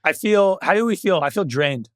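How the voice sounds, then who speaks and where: Higher-voiced young man, chatty. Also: lively intonation, normal speed, no echo, studio quality. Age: young adult. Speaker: podcast co-host. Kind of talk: casual podcast banter.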